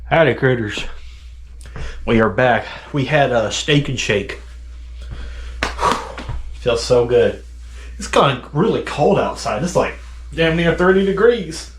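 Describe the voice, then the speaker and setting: A man's voice: mid-range voice, animated, slow, long pauses, noisy background. A man vlogging outdoors at night, explaining plainly how to start a fire. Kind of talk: vlog narration.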